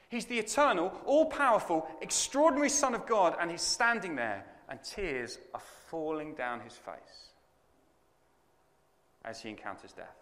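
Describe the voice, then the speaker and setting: A man's voice: fairly high pitch, a bit bright, big-room sound. A man preaching a sermon at a conference, telling the story dramatically and with animation. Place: conference hall.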